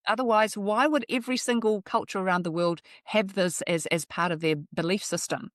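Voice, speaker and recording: A woman's voice: medium pitch, fairly even intonation, brisk, dry recording, studio quality. Earnest, chatty middle-aged woman astrologer. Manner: earnest, chatty, laughs between thoughts. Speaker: astrologer and workshop leader. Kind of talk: relaxed interview talk. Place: New Zealand.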